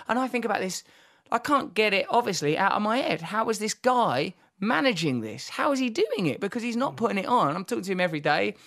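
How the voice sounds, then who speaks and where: A man, hosting a podcast and telling candid stories in a vivid, animated way, with fillers and restarts. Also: high-pitched, brisk. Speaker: podcast host. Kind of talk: candid conversational storytelling.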